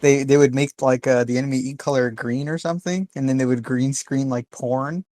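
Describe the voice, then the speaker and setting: A man's voice: mid-range voice, fairly even intonation, brisk, dark tone, no echo. A man co-hosting a podcast in casual chat, making dry, sarcastic quips. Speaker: podcast co-host.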